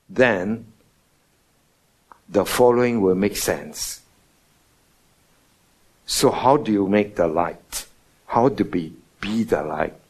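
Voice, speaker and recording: A man preaching a morning sermon, stressing words with sudden loud and soft swings and asking his listeners questions. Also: fairly low pitch. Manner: emphatic, rising and falling in loudness for stress; asks the congregation rhetorical questions.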